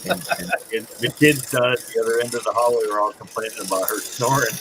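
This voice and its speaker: A man's voice: medium pitch, fast, noisy background. A man co-hosting a casual live stream, teasing the others and laughing at his own stories. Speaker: co-host.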